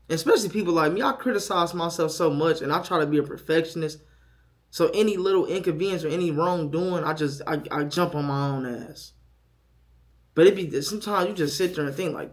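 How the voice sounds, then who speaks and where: A young man talking candidly to camera as a first-time father, frank and profane, moving from quiet self-doubt to loud, animated storytelling. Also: a little high, a little fast.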